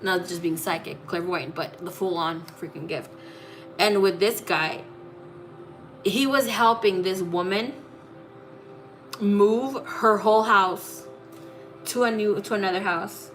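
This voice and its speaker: A woman's voice: medium pitch, slow, pauses often, a bit bright, soft background music. A woman who reads tarot as a psychic, telling a personal story in a casual, blunt way, swearing freely and using many fillers. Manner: blunt, profane, full of fillers.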